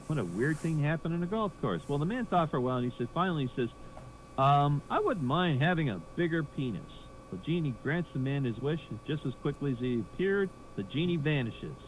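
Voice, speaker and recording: A man telling a stand-up joke as a lively storyteller. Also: a little high, fast talker, hardly any pauses, a little hiss or hum, rough recording. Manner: lively storyteller, laughs at own punchline. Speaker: comedian telling a joke, then handing to next act.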